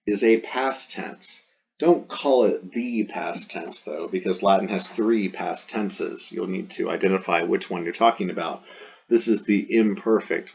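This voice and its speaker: Slow, low-voiced male Latin teacher. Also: vocal fry, a little mellow, breathy edge, lo-fi sound. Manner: slow, methodical, repeats forms to drill them. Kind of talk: recorded grammar lesson.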